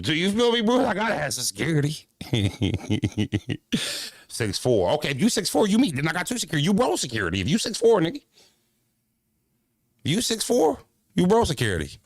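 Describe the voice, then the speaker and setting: A man's voice: mid-range voice, no echo, studio quality. A man streaming casually as a battle-rap commentator, talking in a brash, profane, rambling way and repeating himself.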